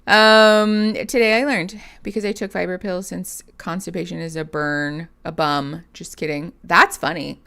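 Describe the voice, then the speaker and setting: A woman's voice: fairly even intonation, a little slow, sharp tone, smooth. A woman in her thirties hosting a casual livestream as a therapist, chatting and rambling with frequent laughs. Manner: chatty and rambling, laughs often, coos at her cat in a high baby voice.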